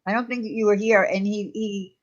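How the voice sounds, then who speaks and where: A woman hosting a casual livestream chat, teasing her co-hosts and bursting into loud laughter. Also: medium pitch, fairly even intonation, moderate pace, lo-fi sound. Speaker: livestream show host.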